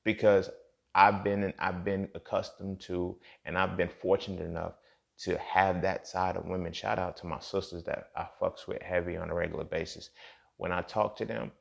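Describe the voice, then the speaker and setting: A man's voice: sits low, little pitch movement, normal speed, gravelly, muffled recording. A young man hosting a podcast, talking in a blunt, profane, casual monologue straight to his listeners. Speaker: podcast host.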